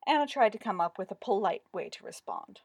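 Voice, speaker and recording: A woman narrating a story aloud in an expressive, wry reading style. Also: medium pitch, brisk, creaky, slightly rough, no room sound, clean studio sound.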